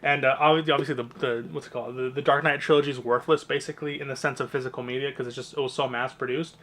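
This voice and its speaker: A man's voice: medium pitch, fairly even intonation, rapid-fire, a bit bright. A young man, casually walking through his movie collection with chatty, rambling, opinionated asides.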